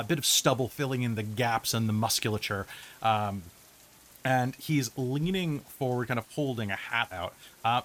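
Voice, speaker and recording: A man running a tabletop role-playing game as game master, narrating in a relaxed, chatty way with frequent fillers. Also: medium pitch, a little hiss or hum.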